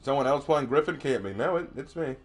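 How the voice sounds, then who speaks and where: A man streaming gameplay, reading chat aloud and thinking out loud as he plays, chatty and quick to laugh. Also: medium pitch. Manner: chatty, excitable, laughs often, talks to himself. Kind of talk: live gameplay commentary.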